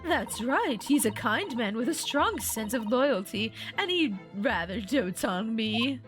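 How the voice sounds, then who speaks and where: A woman's voice: fairly high pitch, expressive, unhurried, fairly bright tone, soft background music. A woman voicing a refined, well-off married lady who speaks primly and politely. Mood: genteel. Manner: prim, polite.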